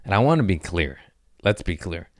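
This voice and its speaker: Profane, animated man with a very low voice. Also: moderate pace, dry recording, clean studio sound. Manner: profane, animated storyteller who acts out voices. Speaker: podcast host and comedian. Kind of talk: crude casual podcast chat.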